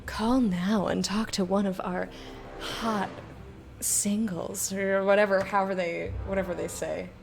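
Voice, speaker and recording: A woman voicing a sultry female hotline operator who teases her callers in a slow, breathy purr. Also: medium pitch, flat delivery, soft background music, voice pushed down.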